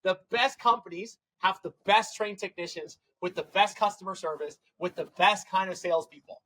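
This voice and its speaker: A man, a tech company CEO, telling stories as a guest in a casual podcast interview, acting out quoted dialogue with quick, run-on phrasing. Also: high voice, pushed and bright, a little hiss or hum, poor audio. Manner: fast, run-on phrasing with restarts.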